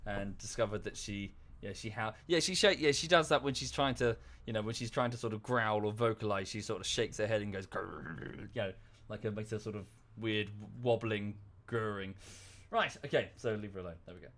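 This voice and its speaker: A man's voice: on the low side, brisk, a bit bright. A man streaming a colony-building game, chatting casually and correcting himself as he talks to viewers and the characters on screen. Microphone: desk microphone.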